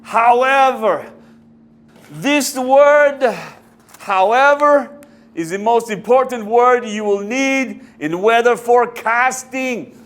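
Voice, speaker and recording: An actor playing a pompous, bossy senior weather forecaster who speaks stiff, halting formal English in a put-on accent. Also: male voice, very high voice, a bit bright, full character voice. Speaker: comic actor. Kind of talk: amateur comedy sketch.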